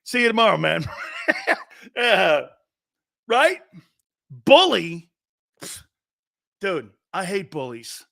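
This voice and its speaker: A man with a Philadelphia accent hosting an opinionated sports talk show, loud and excitable, often laughing and shouting. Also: sits high, slow, creaky, pauses often.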